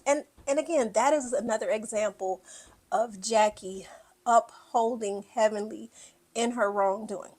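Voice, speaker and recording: A woman's voice: a little high, measured pace. A woman giving a casual, blunt and profane recap of a reality show, acting out what people said. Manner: animated, blunt and profane, acts out quotes.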